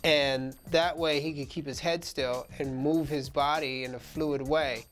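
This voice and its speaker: A man's voice: a little high, fairly even intonation, measured pace, fairly bright tone, faint music behind. A man explaining how the film was shot in a plain, explanatory way, in a behind-the-scenes interview.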